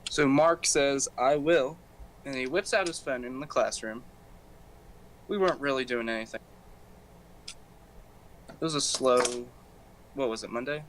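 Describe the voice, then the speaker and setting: A man's voice: medium pitch, measured pace, pauses often, slight background noise, low-quality recording. A young man hosting a casual podcast, telling a school story with lots of laughter and acted-out voices. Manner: animated, laughing, acts out voices of people in the story. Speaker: podcast host.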